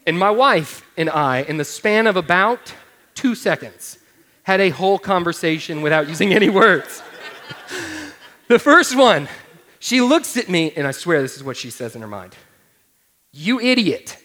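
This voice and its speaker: Man in his thirties, pastor, sermon, funny personal story, chatty and direct, fairly high voice. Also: very animated, moderate pace, pushed and bright. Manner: conversational, addresses listeners directly.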